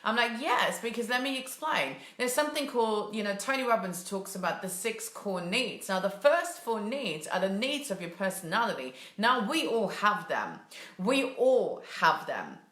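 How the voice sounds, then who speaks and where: A woman's voice: medium pitch, big pitch swings, moderate pace, a bit bright, roomy sound. A woman mindset coach giving a casual, emphatic motivational talk and acting out complaining voices. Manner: casual, emphatic, acts out whiny quotes.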